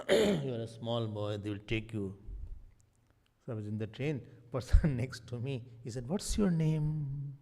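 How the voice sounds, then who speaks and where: A man with an Indian English accent preaches as a swami, moving between hushed asides and loud cries as he tells his stories. His voice rises and falls over a wide range at a middle pitch. It rings with the long reverb of a large hall. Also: moderate pace. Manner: animated storyteller, acting out voices, soft asides and loud exclamations. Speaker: swami giving a spiritual talk. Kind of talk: sermon-style discourse with stories.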